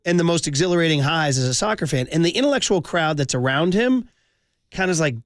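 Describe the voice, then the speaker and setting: A man's voice: a little high, animated, fast, no room sound, studio quality. A man in his forties hosting sports talk radio, telling heartfelt fan stories with passion and saying "dude" a lot.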